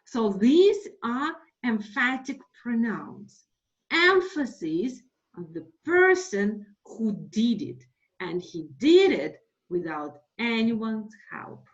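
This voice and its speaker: A woman teaches English over a webinar, her somewhat high voice rising and falling with lively emphasis. She talks slowly and repeats each example. The audio is dull and lo-fi. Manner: slow, explanatory, repeats examples, switches to Russian for translations. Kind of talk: online lesson, webinar.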